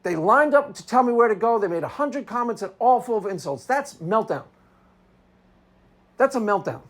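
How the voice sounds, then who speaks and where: A man's voice: high voice, animated, normal speed. A man giving an unscripted commentary monologue, combative and sarcastic, repeating his points for emphasis. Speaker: video commentator.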